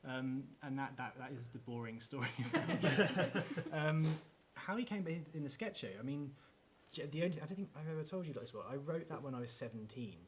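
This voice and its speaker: A man's voice: mid-range voice, animated, fairly quick, background noise. A man who writes the show, chatting casually on a live theatre stage with many fillers and chuckles. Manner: chuckling, filler-heavy storytelling. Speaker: writer and narrator. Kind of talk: casual stage chat and stage directions.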